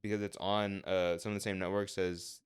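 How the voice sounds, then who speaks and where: A man co-hosting a podcast in casual chat, joking and stammering when excited. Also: deep voice, a little fast, clear, resonant tone. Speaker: podcast co-host.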